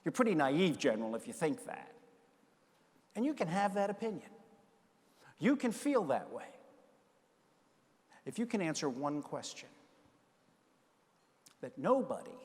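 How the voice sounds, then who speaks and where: An older man from the United States giving a storytelling keynote speech, animated and acting out the voices in his stories. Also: fairly high pitch. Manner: animated, acts out quoted voices. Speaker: keynote speaker. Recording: long reverb of a large hall.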